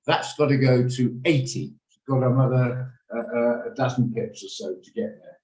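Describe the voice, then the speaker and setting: Heard through a low-quality, reverberant recording, a man leads a live trading class on a video call from his home office, checking in with attendees by name as he explains his orders. His mid-range voice is a little mellow, with fairly even intonation and a normal speed.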